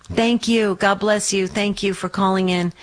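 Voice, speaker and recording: A woman hosting a call-in radio show, affirming callers with gentle encouragement. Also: mid-range voice, steady tone, measured pace, a little hiss or hum.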